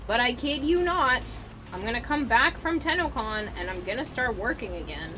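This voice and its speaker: A woman's voice: a little high, animated, normal speed, sharp tone, slight background noise, low-quality recording. A woman with a Boston accent chatting casually on a livestream while crafting, rambling with lots of fillers and the odd swear. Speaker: streamer. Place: home room with an air conditioner.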